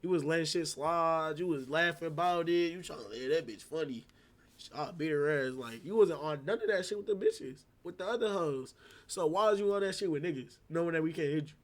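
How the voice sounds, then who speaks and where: A young man with a noticeably high voice tells a story to his stream. He talks in loose, slangy, rambling bursts and throws himself into replaying every exchange. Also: fairly quick. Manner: slangy, rambling, animated retelling. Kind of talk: casual storytelling. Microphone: streaming setup microphone.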